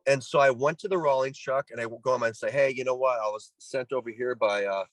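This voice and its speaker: A man's voice: medium pitch, fast, no echo, low-quality recording. A middle-aged man from Canada, a former pro ball player, telling a story as a guest in a casual interview. He acts out the people he quotes and often restarts his sentences. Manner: animated, acts out quoted voices, many restarts.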